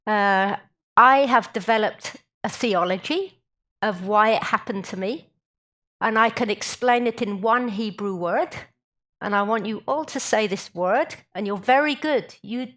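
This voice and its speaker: A woman's voice: fairly high pitch, a bit bright. A woman giving a public talk, humorous and drawing the audience in with questions. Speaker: guest speaker.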